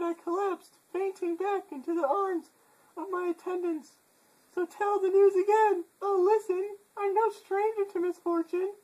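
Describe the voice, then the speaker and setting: A woman playing a shaken, high-voiced queen. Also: a little mellow, rough recording. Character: grieving queen, mother fearing for her son. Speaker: actor in an amateur play. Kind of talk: amateur stage reading.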